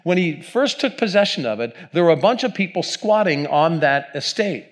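A man's voice: fairly high pitch, lively intonation, normal speed. A male pastor preaching a sermon in a conversational, storytelling way, with asides to the congregation.

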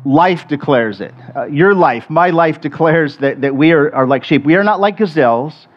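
A man's voice: a little high, animated, moderate pace. A middle-aged man preaching a sermon in a conversational way, often restarting and repeating words. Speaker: pastor. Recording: muffled lo-fi sermon recording.

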